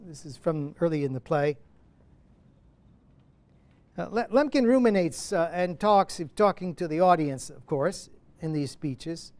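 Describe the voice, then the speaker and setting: A man's voice: high voice, a little mellow, clear, resonant tone. A man in his seventies giving a university lecture as a guest playwright, digressive and self-interrupting, with many asides.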